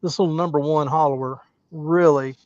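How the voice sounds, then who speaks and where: A man's voice: fairly high pitch, steady tone, moderate pace, darkish tone, dry recording. A man hosting a woodturning livestream, chatting casually and thinking aloud as he works in his workshop. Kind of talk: casual livestream chat while turning. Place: home workshop at a lathe. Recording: dull, dry, lo-fi sound.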